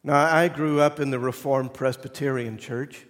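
A man preaching a sermon as pastor, moving between loud emphatic lines and hushed, almost whispered ones. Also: medium pitch, steady tone, moderate pace. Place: church sanctuary. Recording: long reverb of a church hall.

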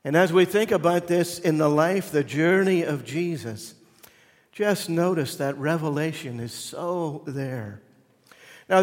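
A pastor preaching at a deliberate, unhurried pace, his voice sitting a little high for a man. He swings from loud, emphatic declarations to hushed, near-whispered lines. The sound carries the long reverb of a church sanctuary. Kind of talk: sermon.

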